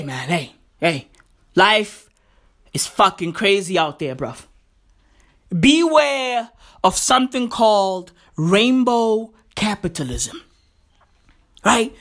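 A woman, hosting her show with a profane, emphatic, repetitive comedic rant. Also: on the high side. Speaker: podcast host.

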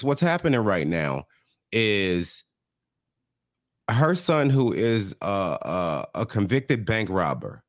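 A man's voice: on the low side, dry recording, clean studio sound. A man co-hosting a podcast, recapping a reality show in profane, exasperated casual banter. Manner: profane, exasperated, animated storyteller. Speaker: podcast co-host.

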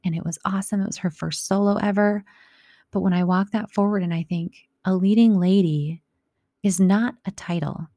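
A woman's voice: medium pitch, normal speed, no echo, studio quality. A woman in her thirties or forties hosting a show, telling a personal story to her listeners in a reflective, somewhat long-winded way. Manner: warm, reflective, a bit long-winded with restarts. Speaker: podcast host speaking to listeners.

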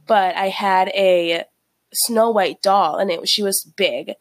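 A woman's voice: medium pitch, steady tone, slow pace, dry recording. A young woman in her twenties co-hosting a podcast, nasal and congested from a cold, chatting candidly and swearing freely. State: stuffed up with a cold. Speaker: podcast co-host. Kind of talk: casual chat.

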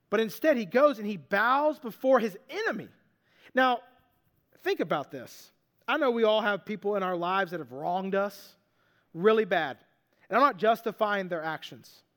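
A man's voice: sits high, a bit bright. A man giving an earnest, conversational sermon, acting out the lines he quotes. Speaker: pastor.

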